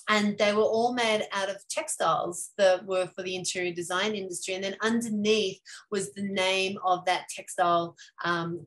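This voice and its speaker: A woman's voice: mid-range voice, a bit bright. A woman with an Australian accent, an interior design educator, chatting through a webinar in a rambling way with many fillers. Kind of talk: webinar presentation.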